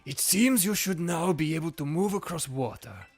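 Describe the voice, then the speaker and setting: A man voicing a suave male professor from a video game in a put-on Spanish accent, reading the lines slowly and dramatically. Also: on the high side, animated, faint music behind, pitched above the performer's own voice. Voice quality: mock Spanish accent, dramatic slow delivery. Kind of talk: game dialogue read in a put-on voice.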